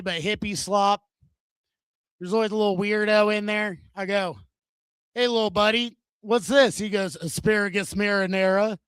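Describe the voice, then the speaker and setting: A man's voice: high-pitched, a bit bright, clean tone, no room sound. A man in his thirties doing a stand-up comedy set on a venue stage into a handheld mic, with crude, self-mocking, punchy delivery.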